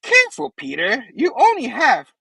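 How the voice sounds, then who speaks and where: A man doing a cackling goblin villain who taunts his enemy, pitched far above his normal voice, and swoops up and down in long, drawn-out lines. The sound is dry and close, with no room around it. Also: wildly swooping pitch, creaky, pushed and bright, dry recording, full character voice. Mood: taunting. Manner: mocking, drawn-out menacing delivery. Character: gleeful taunting male supervillain goblin.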